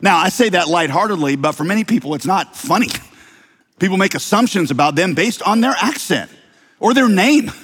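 A man's voice: high voice, animated, fairly quick, a bit bright, husky, long reverb tail. A man with a slight Southern American accent, preaching a sermon as pastor, conversational and wry, with rhetorical questions to the congregation. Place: church sanctuary.

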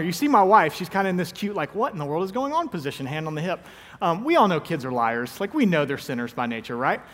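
A man in his thirties with a high-pitched voice preaches to his congregation in a loose, conversational way, full of self-mocking jokes. His words ring out with a long reverb from a large church hall. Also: fairly bright tone. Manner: joking, self-deprecating storyteller. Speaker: pastor. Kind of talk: conversational sermon. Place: church sanctuary.

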